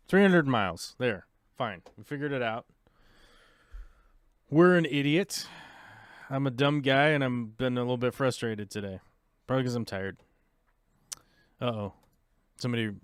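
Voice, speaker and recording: A man hosting a casual livestream podcast, muttering and complaining to himself while he struggles with software, talking to his viewers. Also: medium pitch, clear, resonant tone, no room sound, clean studio sound. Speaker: podcast host.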